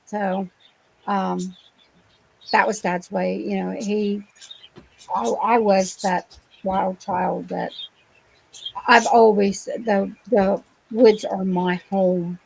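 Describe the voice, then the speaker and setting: A woman from Ohio, speaking as a guest on a remote call, lets her stories run on with lots of "you know" and "um." Her voice sits at an ordinary middle pitch, and she paints scenes in vivid detail. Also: slow pace, creaky, pauses often, a little mellow, breathy edge, low-quality recording. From Ohio, USA. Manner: rambling, vivid retelling with many fillers. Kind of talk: casual storytelling interview. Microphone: remote call microphone.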